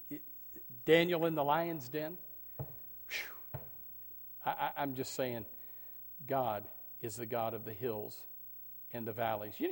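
A middle-aged male pastor preaches a sermon with animation, swinging between loud bursts and hushed tones in a medium-pitched voice. The recording carries long hall reverb.

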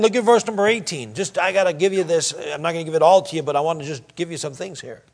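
A man preaching in a church, his voice pitched high for a man. He reads scripture slowly and deliberately, then drops to quiet asides before rising again with emphasis. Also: creaky. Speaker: pastor. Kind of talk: sermon.

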